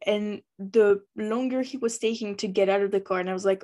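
A woman's voice: medium pitch, fairly even intonation, fairly quick, hardly any pauses, a little mellow. A woman co-hosting a podcast, retelling a tense moment dramatically in casual chat. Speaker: podcast co-host.

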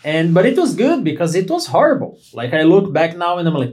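A man, a physician hosting a podcast in animated, joking casual conversation. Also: fairly high pitch. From Brazil. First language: Portuguese. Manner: animated, joking, quick bursts of speech.

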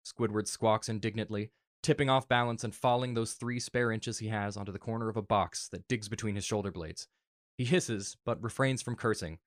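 A man earnestly reading a fan story aloud in a soft, emotional way. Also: fairly low pitch, no room sound, studio quality. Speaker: narrator.

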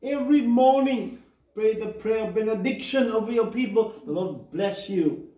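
A man's voice: high-pitched, normal speed, dark tone, muffled recording. A man preaching a sermon emphatically, calling on the congregation for amens. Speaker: pastor. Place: church hall. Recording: echoey hall from far off.

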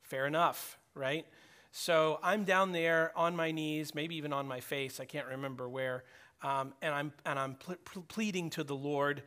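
A man's voice: fairly high pitch, steady tone, unhurried, pushed and bright. A middle-aged man preaching a sermon in a conversational way, acting out prayers and dialogue as he speaks. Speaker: pastor.

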